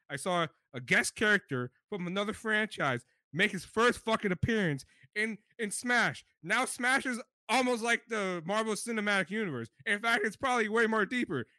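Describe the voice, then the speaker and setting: A young man co-hosting a podcast in casual chat, excitable and profane, often laughing. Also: sits high, dry recording. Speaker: podcast co-host.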